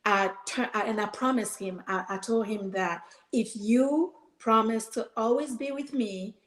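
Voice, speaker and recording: A woman with a slightly high voice tells her own story with earnest, animated feeling, acting out the prayers she once said. The sound is roomy and echoey. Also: measured pace. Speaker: podcast guest, entrepreneur. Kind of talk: emotional personal storytelling.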